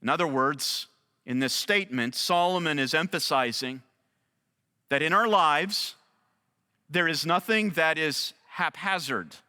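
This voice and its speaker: A man teaching an expository Bible study in a deliberate, emphatic way, repeating key phrases. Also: fairly high pitch, pushed and bright, smooth. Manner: slow, deliberate, emphatic restatements. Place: large church auditorium. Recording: long church hall reverb.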